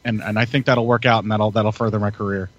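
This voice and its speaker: A man's voice: on the low side, flat delivery, fast talker. A man chatting casually as a podcast co-host, hyped up and laughing often. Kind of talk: casual chat. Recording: muffled lo-fi audio.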